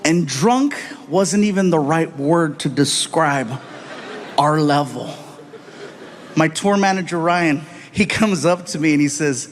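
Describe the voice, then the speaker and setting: A man telling stand-up stories on stage in an animated way, acting out the people in them. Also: on the high side, moderate pace, a little hiss or hum. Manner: animated, jumps into voices for the people in his stories. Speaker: stand-up comedian. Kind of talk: stand-up storytelling. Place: large theater stage before a laughing audience.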